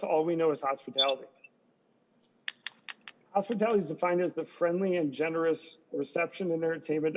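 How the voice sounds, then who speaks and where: A restaurant owner making an earnest, prepared appeal on a video call. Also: male voice, on the high side, darkish tone. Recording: dull lo-fi call audio with long reverb.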